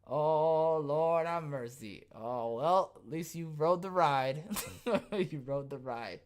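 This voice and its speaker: A podcast host riffing sarcastically on the news during a live show, animated and quick to laugh. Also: medium pitch. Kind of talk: live news commentary chat.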